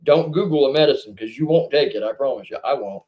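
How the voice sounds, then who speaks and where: A man chatting casually with viewers on a livestream, rambling and swinging into animated bursts, feeling under the weather. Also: mid-range voice, quick pace, muffled recording. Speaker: livestream co-host.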